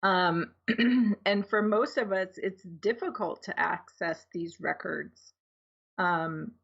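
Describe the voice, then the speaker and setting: A woman with a fairly low voice talks as a guest about her healing work, easygoing and full of fillers. The sound is dull and lo-fi, as if the upper tones were cut off. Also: takes it slowly, vocal fry, a bit bright, slightly rough. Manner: laughs easily, many fillers. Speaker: guest, energy healer. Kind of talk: casual interview talk.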